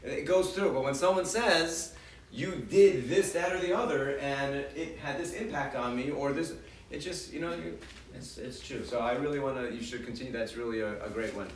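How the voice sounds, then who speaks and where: A man's voice: mid-range voice, fairly quick, distant mic. A man leads a parenting class in a loose, chatty style, repeating and restarting his words as he talks with the audience. He is picked up from across the room, so the voice comes out roomy, with a faint hum of the space behind it. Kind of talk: casual lecture with audience questions. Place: large hall with an audience. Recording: echoey hall recorded from afar.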